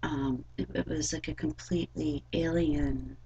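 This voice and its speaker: A young woman recounts a strange personal experience, rambling and halting with frequent fillers. Her voice is low, very husky and gravelly. She speaks slowly. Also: fairly even intonation, mellow, dull audio. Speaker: vlogger. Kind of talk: personal storytelling vlog.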